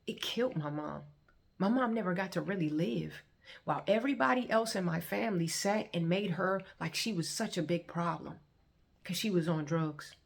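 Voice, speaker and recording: A woman telling her life testimony straight to her viewers, earnest and heartfelt. Her voice has a gravelly, creaky edge, and she slips into the voices of the people in her story as she retells it. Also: on the low side, moderate pace. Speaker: vlogger sharing her testimony. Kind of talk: personal testimony, conversational storytelling.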